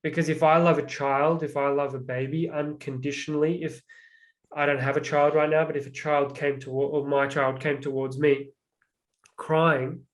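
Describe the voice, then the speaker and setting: Man, slightly high voice, reflective, storytelling, casual conversation. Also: flat delivery, moderate pace. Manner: reflective, storytelling, many "like" fillers. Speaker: guest.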